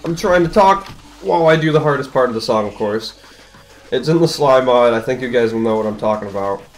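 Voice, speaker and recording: A young man rambles restlessly through his gameplay commentary, swearing freely as he plays. His voice sits at an ordinary middle pitch. Faint game music plays underneath. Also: lively intonation, brisk. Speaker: gaming streamer.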